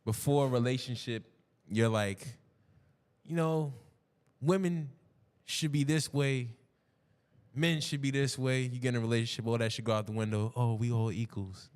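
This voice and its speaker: A man's voice: medium pitch, normal speed, darkish tone, clear, resonant tone. Reflective New York man in a hall. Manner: asks questions, reflective. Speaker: podcast co-host. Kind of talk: casual chat.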